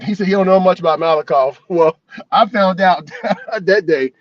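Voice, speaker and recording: A man's voice: sits high, normal speed, no room sound, highs cut off. A man vlogging as a delivery driver, chatting casually and telling loose, profane stories with frequent laughs. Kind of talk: casual chat.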